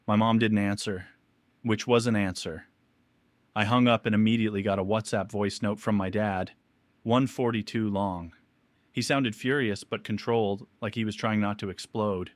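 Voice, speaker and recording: A man with a low voice tells a first-person confession story in a measured, somber tone. The sound is dry and close, with no room around it. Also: steady tone, dry recording.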